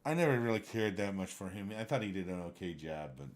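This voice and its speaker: Rambling man with a lowish voice. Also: animated, fast. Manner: rambling, gets worked up, trails off searching for names. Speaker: livestream gamer chatting with viewers. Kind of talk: casual chat.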